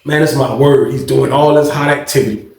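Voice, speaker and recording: A man vlogger telling a personal story in casual, profane talk, animated and acting out the other voices. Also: medium pitch, a little fast, gravelly. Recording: roomy echo.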